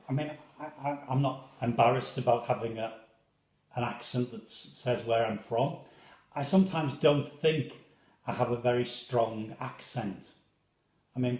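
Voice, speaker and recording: A parish priest speaks with a gently refined Liverpool accent at a middling pitch. He chats to viewers in a rambling, self-deprecating way, often restarting his sentences. His voice rings in a roomy, echoing space. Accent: soft Liverpool. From England. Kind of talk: casual chat to viewers. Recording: roomy echo.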